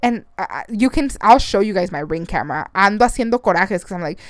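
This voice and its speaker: Young female podcast host, rambling and swearing, drops in Spanish phrases, smooth voice, dry close sound. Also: mid-range voice, expressive, a little fast, no room sound. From Arizona, United States. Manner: chatty and rambling, swears, mixes in Spanish phrases, laughs often. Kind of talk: casual solo podcast rant.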